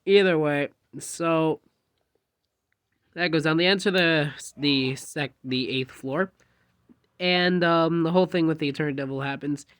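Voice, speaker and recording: A man's voice: fairly high pitch, unhurried, a bit bright, clean tone, no echo. A man casually telling a rambling fan story, jumping animatedly into quoted dialogue.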